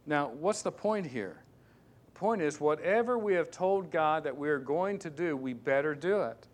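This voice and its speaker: Emphatic preacher man, slightly high voice. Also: lively intonation, moderate pace. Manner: emphatic, swings between loud and hushed; repeats key words for stress. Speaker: pastor. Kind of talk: sermon.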